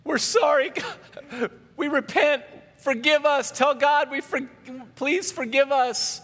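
A preacher putting on frantic repentant Israelites, crying out to God in a strained high plea far above his own register. The voice is loud and pushed, and a long hall reverb trails behind it. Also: steady tone, takes it slowly, exaggerated voice. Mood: pleading. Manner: high, wailing pleading.

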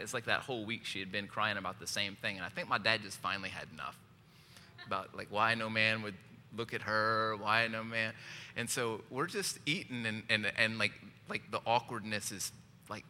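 A pastor with a lowish, pushed and bright voice preaches to his congregation, joking, sharing a story from his own life and asking them questions. The church recording carries long hall reverb and some faint background noise.

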